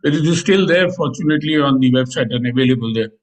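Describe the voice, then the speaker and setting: A man with an Indian English accent speaking on a panel about economic policy, pausing often with fillers. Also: medium pitch, rough recording. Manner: hesitant, many fillers. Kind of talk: panel discussion.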